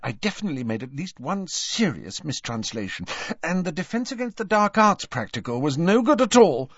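A man voicing an anxious, bossy teenage schoolgirl who babbles nervously in a shrill voice, in an audiobook. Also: very animated, normal speed, fairly bright tone, husky, no room sound, highs cut off, heavily acted. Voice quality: shrill, fretful.

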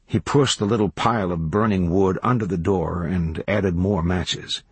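This is scripted narration from a male audiobook reader whose voice is deep and husky. He tells the story in a steady, measured way, and the recording is dry.

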